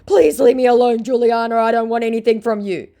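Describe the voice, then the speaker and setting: A woman's voice: a little high, steady tone, warm tone, pitched above the performer's own voice, natural voice. Woman putting on a whiny young scammer. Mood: pleading. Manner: pleading, indignant, drawn-out. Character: whiny defensive young male online scammer.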